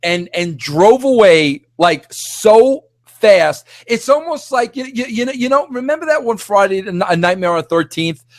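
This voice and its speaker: High-pitched, animated rambling man. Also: normal speed, no room sound. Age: middle-aged. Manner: excitable, rambling, lots of "like" and restarts. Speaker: podcast host. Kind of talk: animated solo rant.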